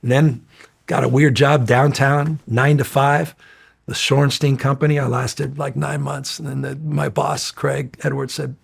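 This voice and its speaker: Middle-aged guy, raspy and gravelly, swears a lot, energetic rambling interview talk. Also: mid-range voice, moderate pace. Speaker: interview guest. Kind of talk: casual storytelling interview.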